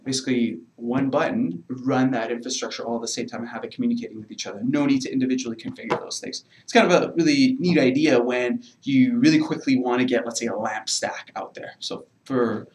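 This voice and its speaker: A man talks through a technical subject from his home in a casual, meandering manner. His voice sits at an ordinary middle pitch, with a faint hiss behind it. He leans on filler words as he goes. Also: brisk, hardly any pauses, darkish tone, poor audio. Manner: loose, hedging, heavy on "kinda" and "really". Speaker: guest software developer. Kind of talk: casual technical explanation on a live webcast.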